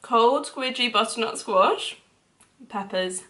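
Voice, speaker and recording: A young woman with a London accent, chatting casually to camera in a cooking vlog, animated and full of quick asides. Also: a little high. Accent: London English. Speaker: vlogger.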